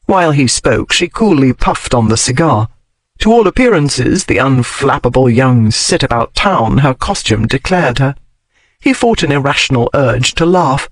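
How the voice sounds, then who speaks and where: A man reading a historical romance novel aloud as audiobook narrator, in a measured storytelling manner. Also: mid-range voice, expressive, dry recording. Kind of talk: scripted narration.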